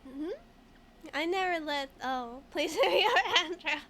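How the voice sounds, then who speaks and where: A high-voiced woman chats casually while streaming a video game. She giggles a lot, reads the game text aloud and answers her chat. A faint hiss sits under her voice. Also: unhurried, bright, forceful tone.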